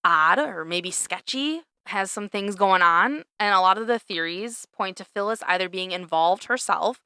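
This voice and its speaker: Young woman podcaster, bright voice, dry close sound, swears a lot, laughs a lot. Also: medium pitch, moderate pace, clear, resonant tone, no room sound. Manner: chatty, swears freely, laughs often. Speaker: podcast host. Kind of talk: casual chat.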